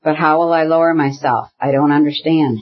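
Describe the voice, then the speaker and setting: A man's voice: on the high side, fairly even intonation, a little fast, muffled recording, close to an everyday voice. A man voicing a timid, earnest younger brother in an audiobook, speaking mildly. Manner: timid, mild. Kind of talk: audiobook character reading.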